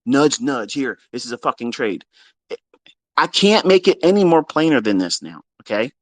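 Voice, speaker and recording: A man's voice: mid-range voice, sing-song, normal speed, no room sound. A man who teaches trading, ranting bluntly and with heavy profanity at his followers during a live audio chat, mocking their excuses. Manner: blunt, profane and scolding, with mocking quoted voices. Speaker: trading mentor. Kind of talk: unscripted rant on a live audio space.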